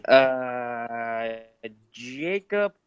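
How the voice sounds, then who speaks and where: A man with a sore throat presenting award nominees in a loose, halting, profane way. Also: medium pitch, animated, dull audio. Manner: hesitant, full of fillers and swearing. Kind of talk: casual comedic awards chat.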